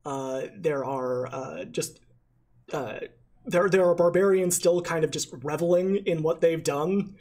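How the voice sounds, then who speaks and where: A man's voice: a little high, measured pace, darkish tone. A man narrating as dungeon master in a playful, hesitant way, full of fillers. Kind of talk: narrating a tabletop game.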